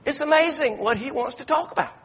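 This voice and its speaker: A pastor with a very high-pitched, somewhat bright voice preaches briskly in a church sanctuary. He tells folksy stories, restarting his sentences many times, and the recording is dull and lo-fi with the echo of the church hall.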